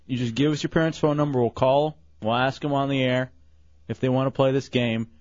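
A male radio host in casual banter, crude and joking, getting loud when he announces contests. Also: medium pitch, steady tone, brisk, no room sound, muffled recording.

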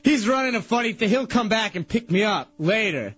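A man with a high, husky, bright voice whines and protests through a loose on-air chat. His pitch lurches up and down as he complains. The sound is dull and lo-fi, like an old radio broadcast. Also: lively intonation, brisk. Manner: whiny, exasperated complaining, voice jumping up and down. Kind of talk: casual radio banter.

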